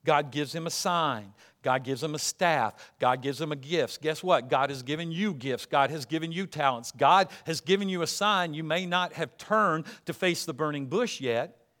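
A man's voice: fairly high pitch, moderate pace, fairly bright tone. A man preaching a sermon, emphatic and repetitive, acting out the voices he quotes. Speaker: pastor.

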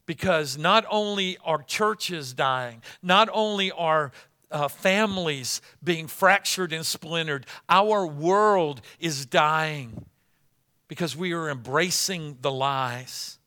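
Bright-voiced man preaching a sermon. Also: a little high, slow pace. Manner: conversational storytelling, then rising to emphatic preaching. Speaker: pastor.

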